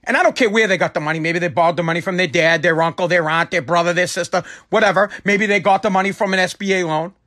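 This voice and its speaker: A man's voice: high voice, quick pace, hardly any pauses, sharp tone. A middle-aged man in a heated, profane rant, often stumbling and restarting his sentences. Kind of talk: angry political rant.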